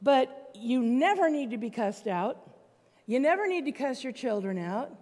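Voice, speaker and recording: A woman with a high voice preaches to her congregation. She talks in a conversational, plainspoken way, and her words ring out with a long reverb through the church hall. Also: very animated, normal speed, darkish tone. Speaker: pastor. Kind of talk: sermon. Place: church sanctuary.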